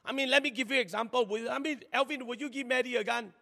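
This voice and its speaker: High, bright-voiced man preaching in a hall. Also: fast talker, gravelly. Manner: animated, chatty, laughs often, acts out little scenes. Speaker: pastor. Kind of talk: sermon. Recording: long hall reverb.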